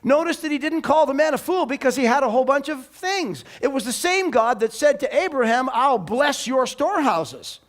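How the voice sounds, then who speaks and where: A man preaching a sermon in church as the pastor, animated and emphatic, now and then rising into loud bursts. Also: very high-pitched, moderate pace, hardly any pauses.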